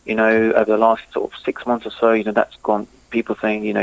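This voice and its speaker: A man from England, a former cricketer, talking in a casual interview with a halting delivery full of restarts and fillers. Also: fairly low pitch, monotone, vocal fry, poor audio. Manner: halting, repeats words, many fillers.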